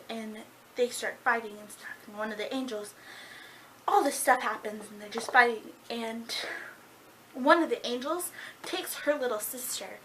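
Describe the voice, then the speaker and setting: A young woman giving a casual, giggly book review, talking excitedly with lots of "like". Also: on the high side, a little hiss or hum. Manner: bubbly, giggly, fast, lots of "like".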